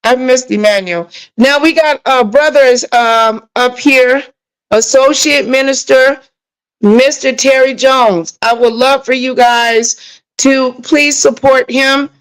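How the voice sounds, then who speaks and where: A woman's voice: sits high, fairly even intonation, slow pace, smooth, poor audio. Emotional ranting woman livestream host. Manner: emotional, ranting, talking back to chat. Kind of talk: casual livestream chat.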